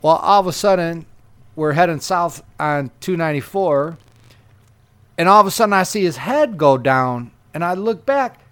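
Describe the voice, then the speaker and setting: Animated man telling a story, higher voice. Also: moderate pace, smooth, dry recording. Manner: animated, profane, laughing storyteller. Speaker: podcast host telling a story. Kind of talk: casual storytelling.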